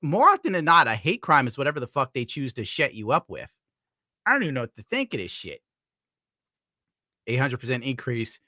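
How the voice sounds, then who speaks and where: A man's voice: mid-range voice, huge pitch swings, a little fast, pauses often, sharp tone, dry recording, clean studio sound. A man from upstate New York giving crude, sarcastic commentary while browsing, laughing often. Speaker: streamer host.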